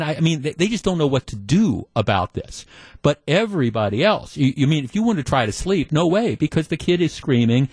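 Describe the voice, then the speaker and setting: A middle-aged man hosts a talk radio show and tells a story with mock exasperation. His pitch rises and falls a lot as he talks. The studio mic sounds close and dry, with no room echo. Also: a little mellow. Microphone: studio microphone.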